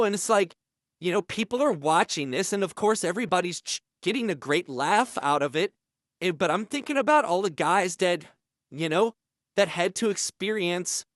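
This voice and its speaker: A man telling an absurd prison story in an earnest, deadpan way. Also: sits high, dry recording, clean studio sound. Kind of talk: comedic storytelling.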